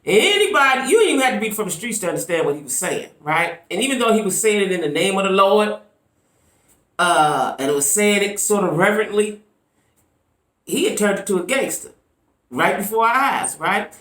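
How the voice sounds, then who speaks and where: A woman giving casual commentary on her vlog, chatty and animated, often tossing in "right?" asides. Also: medium pitch, brisk, reverberant. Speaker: YouTube commentator.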